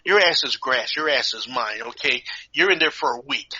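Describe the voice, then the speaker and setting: A man's voice: medium pitch, expressive, normal speed, bright, forceful tone, slightly rough, no room sound, heavily acted. A man voicing a mocking, bossy male gym teacher ordering a kid to detention, in a dull lo-fi recording.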